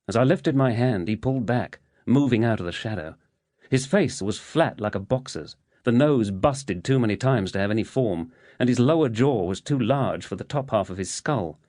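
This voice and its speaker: Low-voiced male audiobook narrator. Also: animated, moderate pace, darkish tone, dry recording, studio quality. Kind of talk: scripted first-person narration.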